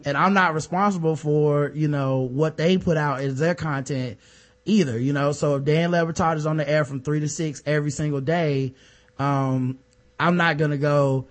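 A man hosts a podcast and reads listener reviews in easygoing, frank conversation. He swears freely and trails off into fillers as he thinks aloud. His voice sits a little high for a man. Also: normal speed. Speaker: podcast co-host.

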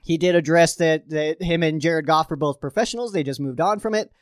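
A man with a high, bright-sitting voice runs a casual sports commentary, riffing and mimicking fans' confused reactions. The mic is close and dry, with no room sound at all. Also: brisk, no room sound. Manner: animated, acts out fan reactions in quotes.

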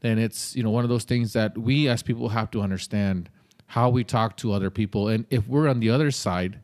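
A man's voice: on the low side, fairly quick, a little mellow. A man hosting a podcast, giving casual advice in a blunt, conversational way with some mild swearing. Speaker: podcast host.

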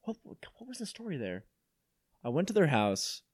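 A man's voice: on the high side, wildly swooping pitch, moderate pace, a little mellow, slightly rough, dry recording. A young man from Mexico hosting a podcast, telling a story in casual chat. He talks animatedly, laughs often and swears freely. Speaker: podcast host.

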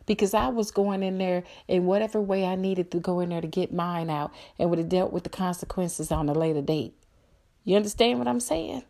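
A middle-aged woman with a dark, gravelly voice delivers a heated solo podcast rant. She talks bluntly and angrily and swears freely, pressing every point hard. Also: lowish voice, a little fast. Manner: blunt, angry, profane ranting. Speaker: podcast host.

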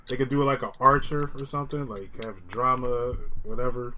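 A man's voice: medium pitch, brisk, sharp tone, low-quality recording. A man hosting a casual podcast chat, laughing often and trailing off mid-sentence. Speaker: podcast host.

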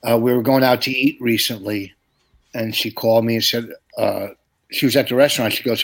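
Middle-aged male comic, podcast host, average pitch, rambling storyteller. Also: fairly even intonation, brisk. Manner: rambling storyteller, laughs at own jokes. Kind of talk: casual chat.

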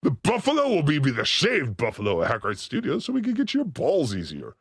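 A manic, foul-mouthed demon rants and brags, put on by a man on a live comedy stream. The voice sits high and leaps all over the place, and it breaks into sudden shouts. It is close and dry, with no room sound. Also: huge pitch swings, a little fast, creaky, husky, no room sound, exaggerated voice. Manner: manic, crude, frequent shouting outbursts. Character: boastful crude male demon comedian.

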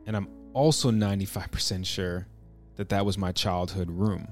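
A man telling a personal story in a reflective, halting way, with many restarts. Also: low-pitched, fairly even intonation, faint music behind.

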